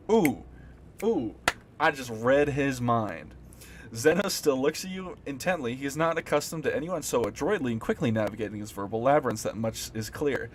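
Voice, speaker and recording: A man streaming a game, reading the on-screen dialogue aloud with theatrical flair. He drops back into loose, casual remarks between lines. His voice sits at an ordinary middle pitch over a faint hiss of background noise. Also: animated, moderate pace. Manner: reads in varied dramatic voices, blurts casual reactions.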